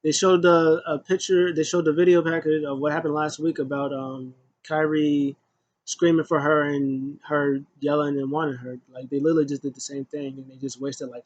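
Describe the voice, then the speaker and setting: A man's voice: darkish tone, lo-fi sound. A man casually recapping a wrestling show, rambling with lots of fillers and restarts. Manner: rambling, many fillers and restarts, acts out quotes in a high voice.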